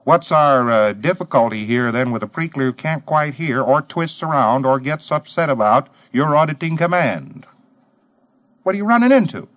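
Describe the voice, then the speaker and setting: Lively, emphatic man lecturing on old tape. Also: fairly high pitch, normal speed, muffled recording. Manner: emphatic, rhetorical questions, mimicking others. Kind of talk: lecture to trainee auditors.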